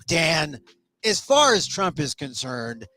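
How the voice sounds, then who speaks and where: A man's voice: a little high, very animated, slow, sharp tone, dry recording. A man hosting a casual political chat, talking in an emphatic way and often repeating his phrases. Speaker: host.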